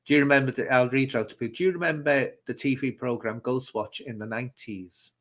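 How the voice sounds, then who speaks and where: A man's voice: mid-range voice, brisk, a bit bright. A man from the UK hosting a casual live-stream chat, talking in an opinionated, rambling way and reading out viewer comments. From United Kingdom.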